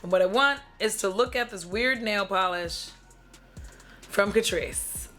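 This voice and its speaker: A beauty vlogger reviews makeup in a casual chat at home, her mid-range, slightly bright voice moving at a measured pace over soft background music. She gets dramatic and profane and often trails into little vocal noises.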